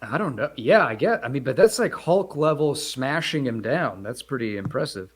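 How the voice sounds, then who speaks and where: A man's voice: mid-range voice, animated, moderate pace, breathy edge. A man co-hosting a casual comic book podcast, joking and acting out characters' lines. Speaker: podcast co-host.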